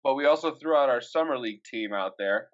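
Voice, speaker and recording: A man's voice: medium pitch, expressive, quick pace, a bit bright, dull audio. A young man co-hosting a casual sports podcast, laughing often as he runs through team news. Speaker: podcast co-host.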